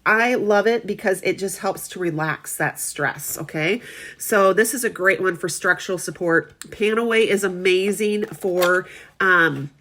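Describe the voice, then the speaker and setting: A woman's voice: medium pitch, unhurried, a bit bright. A middle-aged woman giving a casual product demonstration, chatty and friendly, often checking in with her viewers.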